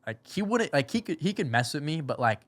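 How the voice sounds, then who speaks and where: A man in his twenties, a podcast guest, telling a story in an animated, rambling way full of slang. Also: a little high, brisk. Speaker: podcast guest, motocross racer. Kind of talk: casual storytelling.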